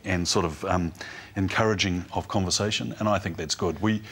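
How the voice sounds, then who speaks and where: New Zealand man, low and earnest, hesitant panelist. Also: steady tone, a little fast, a bit bright. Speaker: panelist, church dean. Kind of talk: TV panel discussion. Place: TV studio.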